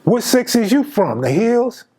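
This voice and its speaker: A man's voice: extremely high pitch, very animated, measured pace, slightly rough, voice pushed up, heavily acted. A man quoting a cocky, mocking male inmate ringleader in a casual told story. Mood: teasing. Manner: mocking, loud.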